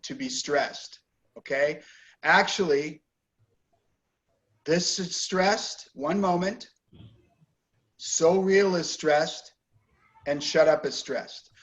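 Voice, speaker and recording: Male English teacher on a video call, slow and patient, slightly higher voice, coaching stress and intonation. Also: a bit bright, poor audio. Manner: patient, corrects pronunciation and stress. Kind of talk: online class instruction.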